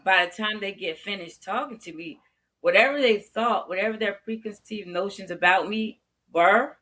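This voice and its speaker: Blunt, bright-voiced older woman. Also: mid-range voice, normal speed. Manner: blunt, frank, laughs easily. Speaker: veteran educator, podcast guest. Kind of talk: candid interview talk.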